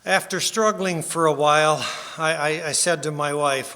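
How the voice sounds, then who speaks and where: A man giving a sermon with slides, unhurried and self-deprecating, with small restarts. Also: fairly high pitch, pushed and bright. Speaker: speaker giving a split sermon. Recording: long hall reverb.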